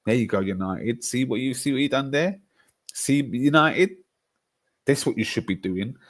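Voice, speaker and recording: A young man, bantering on a live football stream and reacting to chat in slangy, excitable bursts. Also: medium pitch, a little fast, no echo.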